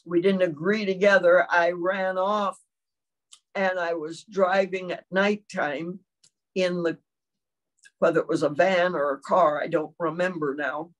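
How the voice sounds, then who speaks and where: An older woman preaching a sermon in a measured way, often checking in with her listeners and clearing her throat now and then. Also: lowish voice, steady tone, dull audio. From China.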